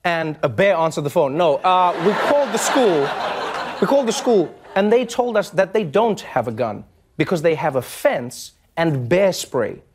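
A man hosting a satirical late-night comedy show, delivering jokes in an animated style with laughing asides. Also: fairly high pitch, normal speed. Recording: studio audience laughter and noise behind. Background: audience laughter.

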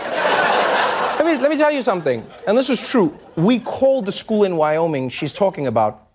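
A man hosting a satirical late-night comedy show, delivering jokes in an animated style with laughing asides. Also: sits high, normal speed. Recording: studio audience laughter and noise behind. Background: audience laughter.

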